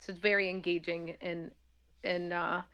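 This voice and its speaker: A woman's voice: on the low side, little pitch movement, moderate pace, muffled recording. A woman talking casually as an interview guest, chatty and laughing often, with many fillers.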